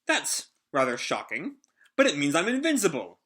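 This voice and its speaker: A man voicing a theatrical gentleman who speaks in a quick, dramatic manner while reading a comic aloud. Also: fairly high pitch, huge pitch swings, exaggerated voice. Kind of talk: comic read-aloud with voices.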